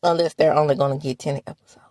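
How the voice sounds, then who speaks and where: Sassy Southern woman, husky voice. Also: quick pace, no echo. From American South. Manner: sassy, animated, with laughs and sudden high exclamations. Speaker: reality TV recap host. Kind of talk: casual commentary vlog.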